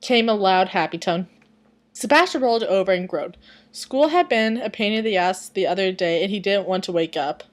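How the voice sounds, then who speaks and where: A woman with a medium-pitched voice reads fan fiction aloud and breaks off into rambling, self-deprecating remarks, now and then mumbling her words. She sits at her computer and talks into its built-in webcam microphone. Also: expressive, normal speed.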